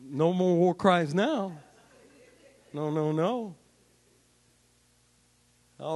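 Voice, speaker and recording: A man preacher delivering a sermon, retelling a Bible story with animated, jokey storytelling. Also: on the high side, very slow, pauses often.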